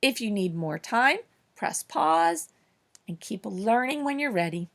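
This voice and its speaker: A woman teaching a children's phonics lesson, upbeat and encouraging, slowing down to stress each word clearly. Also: mid-range voice, expressive, a bit bright. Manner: upbeat, encouraging, slow clear emphasis on words.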